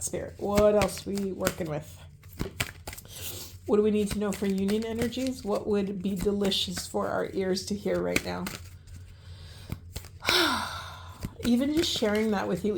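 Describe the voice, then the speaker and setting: A woman's voice: medium pitch, vocal fry, noisy background. A woman reading oracle cards outdoors by the ocean, talking in an earnest, affirming way with frequent restarts. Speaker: oracle card reader. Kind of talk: spiritual card reading.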